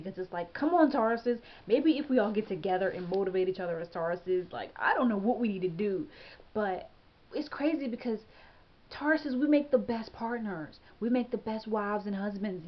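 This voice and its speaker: A woman's voice: mid-range voice, highs cut off. A woman hosting her own astrology channel, talking casually and emphatically to camera, often asking "okay?" and laughing as she gets tongue-tied. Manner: chatty, emphatic, frequent "okay?" and "you know". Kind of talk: casual tarot-style forecast to camera.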